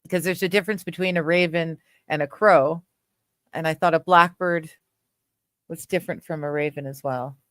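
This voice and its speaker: Casual streamer woman from Canada, lower-pitched, chatty, smooth tone. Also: steady tone, normal speed, dry recording, clean studio sound. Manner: chatty, laughs often, trails off with fillers. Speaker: livestream host. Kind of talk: casual chat reading viewer comments.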